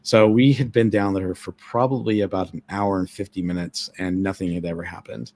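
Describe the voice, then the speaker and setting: A man with a fairly low voice tells a ghost story in a casual live chat. He rambles, stacks up fillers, and acts out everyone he quotes in short bursts. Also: steady tone, fairly quick, darkish tone, no room sound. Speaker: guest storyteller, former ship employee.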